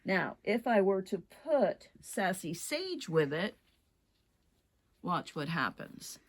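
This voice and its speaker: A woman's voice: fairly low pitch, sing-song, slow. A woman teaching a rug hooking lesson, chatting her way through wool colors as she shows them.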